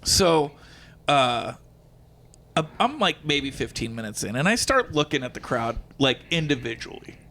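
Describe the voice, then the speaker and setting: A man, a comedian and guest, telling a story in casual conversation, animated and quick to laugh, acting out bits of dialogue. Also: medium pitch. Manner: animated, breaks into laughter, acts out lines of dialogue.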